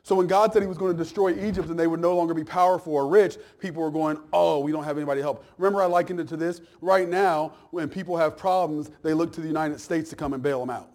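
Teasing the congregation and playing out little asides, this pastor preaches in a conversational way, dropping from loud emphasis into soft, low comments. His tone is steady and his delivery fast, with few pauses.

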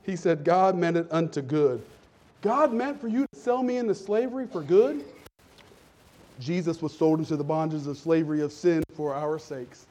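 A man preaching a lively, conversational sermon in a church, calling out to the congregation. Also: fairly high pitch, moderate pace. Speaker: pastor.

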